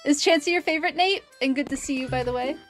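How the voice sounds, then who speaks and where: A woman with a high voice chats casually and nerdily while streaming a game, often laughing between her remarks. Faint music plays in the background. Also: fast talker. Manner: chatty, nerdy, laughs often. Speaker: streamer and biologist. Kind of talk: casual game livestream chat.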